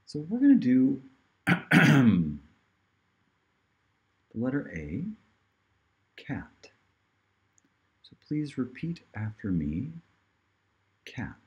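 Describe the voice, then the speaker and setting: A man teaching pronunciation in a relaxed, unhurried way, stretching out each sound so learners can copy it. His pitch swings widely as he jokes between drills, and he keeps a playful, easygoing tone throughout. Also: lo-fi sound. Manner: playful, drills words slowly for repetition. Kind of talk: casual online pronunciation lesson. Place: outdoors in hot sun.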